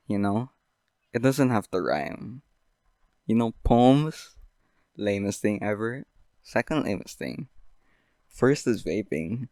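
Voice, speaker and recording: A young man hosting a podcast, rambling through an absurd deadpan comedic monologue full of fillers. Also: fairly low pitch, slow, pauses often, no room sound. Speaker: podcast host.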